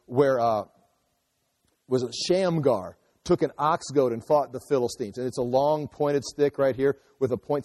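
A man's voice: medium pitch, mellow. A man giving a conversational verse-by-verse Bible teaching, explaining as he goes and acting out quotes. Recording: long hall reverb.

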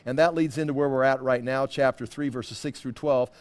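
A man's voice: medium pitch, steady tone, brisk. A man in his sixties teaching a Bible study class in a loose, conversational way, full of asides and self-corrections. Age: 60s.

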